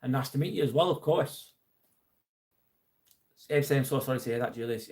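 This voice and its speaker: A man's voice: medium pitch, normal speed, pauses often. Earnest Lancashire man hosting a livestream. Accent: Lancashire English. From England. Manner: earnest, supportive, swears now and then. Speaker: live stream host. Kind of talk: casual live-stream chat reading viewer comments.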